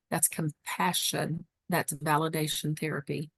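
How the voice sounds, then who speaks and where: A woman's voice: fairly low pitch, normal speed, no echo, studio quality. A woman giving a webinar lesson on dementia care, teaching emphatically and repeating key phrases. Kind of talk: webinar presentation.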